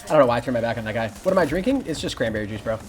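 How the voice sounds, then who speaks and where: A young man commentating his live game stream, greeting viewers and answering chat in an excitable, casual way. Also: mid-range voice, racing. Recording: music playing behind.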